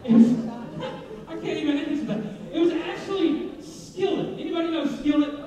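High-voiced preacher in an echoey church. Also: male voice, moderate pace. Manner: lively, joking, engaging the congregation with questions. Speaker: pastor. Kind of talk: sermon. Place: church sanctuary. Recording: echoey hall, distant dull mic.

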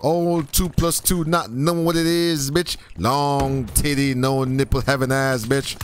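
A young man from the US Virgin Islands, excitably trash-talking in profane bursts as a game streamer. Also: mid-range voice, measured pace, noisy background. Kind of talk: casual live-stream commentary.

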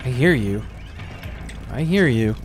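Excitable male game streamer, lively pitch. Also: takes it slowly, background noise. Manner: loud, jumpy reactions with cursing and laughter. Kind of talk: live gameplay commentary. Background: game music.

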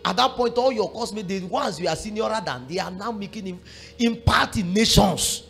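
A pastor with a high-pitched voice that carries a gravelly edge, preaching with fervent swings between hushed prayer and shouting. His tone is bright and forceful, and he presses his points home with passion. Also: normal speed, faint music behind. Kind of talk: sermon.

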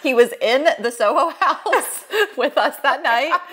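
A woman co-hosting a podcast, giggly and playful in quick casual back-and-forth. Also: high voice, lively intonation, fairly bright tone. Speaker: podcast co-host. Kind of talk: casual chat.

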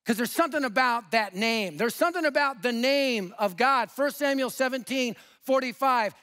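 Speaking at a moderate pace, this guest preacher, a Denver, USA man in his fifties with a high voice, delivers a sermon built on stories. He's lively and humorous, and his volume swings abruptly between booming and hushed and tender.

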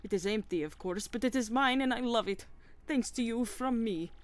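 A woman's voice: a little high, moderate pace, voice pushed up, lightly acted. A woman voicing an overjoyed male chef who talks in clumsy, formal, broken phrases. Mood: gushing.

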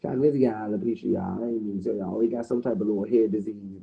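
A man's voice: on the low side, fast talker, creaky, few pauses, narrow, tinny audio. A man with a Washington DC area accent hosting a livestream, roasting someone in a profane, mocking, rowdy rant. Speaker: livestream host.

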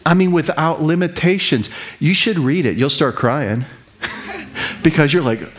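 Conversational middle-aged male preacher. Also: on the high side. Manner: conversational, repeats himself, quick asides and laughs. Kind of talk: sermon teaching.

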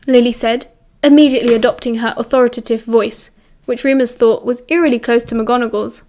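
British woman, audiobook narrator, steady measured storytelling, slightly high voice. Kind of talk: audiobook reading.

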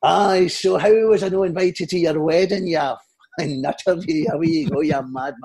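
A man putting on the voice of a brash, cheeky Scottish comedian on a prank call, loud and mock-insulting in a Scottish accent. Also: fairly high pitch, moderate pace, gravelly, husky, pitched above the performer's own voice.

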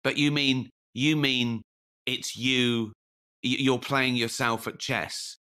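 A man co-hosting a podcast in casual conversation, asking animated questions and telling stories. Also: mid-range voice, takes it slowly, clear, resonant tone. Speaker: podcast co-host.

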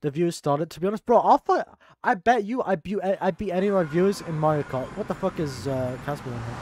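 A man's voice: a little high, fast talker, darkish tone, slight background noise. A young adult man streaming live, bantering crudely with his chat, laughing and teasing, with a sore throat.

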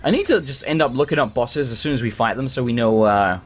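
A man's voice: medium pitch, animated, fast. A man hosting a let's play, talking through a game in a hyper, joking, chatty way. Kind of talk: gameplay commentary.

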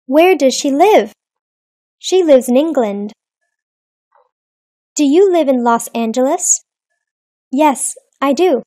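Slow, high-voiced woman reading English drills. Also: animated, warm tone, dry recording, clean studio sound. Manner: slow, deliberate, evenly paced delivery. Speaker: English lesson reader. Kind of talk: slow scripted lesson reading.

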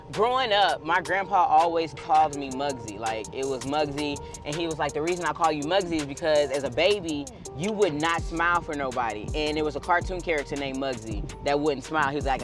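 A woman food vlogger from Houston, talking in a casual, slangy way and laughing often. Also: low voice. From Houston, Texas.

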